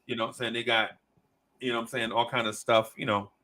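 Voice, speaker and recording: Here a podcast host delivers a long anecdote in casual chat, his mid-range voice moving at a quick pace. He's an animated teller who acts out the quoted voices of everyone involved.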